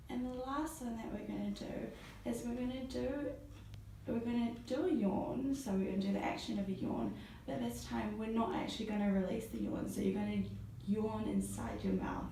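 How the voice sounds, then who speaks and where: Encouraging female voice therapist, gravelly and mellow, recorded in an echoey room from a distance. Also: fairly high pitch, fairly even intonation, normal speed, a little hiss or hum. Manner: encouraging, praises often. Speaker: voice therapist guiding a client. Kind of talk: step-by-step instruction.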